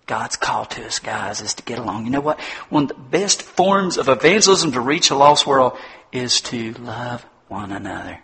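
A man's voice: mid-range voice, moderate pace, husky. A middle-aged man preaching a sermon, telling folksy stories and acting out the voices of the people in them. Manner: folksy, animated storytelling with mimicked voices.

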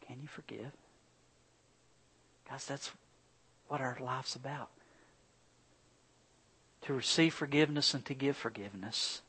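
A middle-aged man preaching a sermon and telling personal stories, swinging from loud, animated bursts to quiet, earnest passages. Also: mid-range voice, measured pace, long pauses, husky, rough recording. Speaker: pastor.

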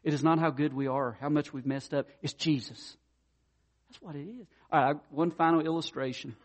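Here a pastor, his voice a little high and his pace moderate, delivers a direct, conversational sermon, weaving in stories and talking straight to the people in front of him.

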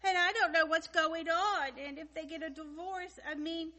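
A woman's voice: very high-pitched, steady tone, moderate pace, sharp tone. A young woman crying through a self-pitying comic prayer, asking why again and again. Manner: tearful, self-pitying, repeating why questions. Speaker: praying woman in a skit. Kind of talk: tearful comic monologue prayer.

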